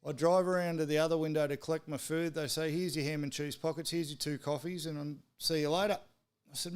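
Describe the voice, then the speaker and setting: A man's voice: on the high side, fairly even intonation, fairly quick, smooth. A man with an Australian accent hosting a live sports stream, swearing freely as he tells exasperated stories. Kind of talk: casual ranting chat.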